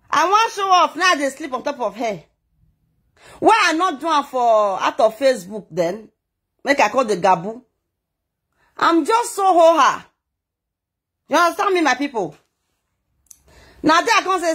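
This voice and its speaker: A woman's voice: high-pitched, big pitch swings, measured pace, long pauses, a bit bright. A woman vlogger telling a story in Nigerian Pidgin, talking dramatically and emotionally, with a scolding edge. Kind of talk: animated gist monologue.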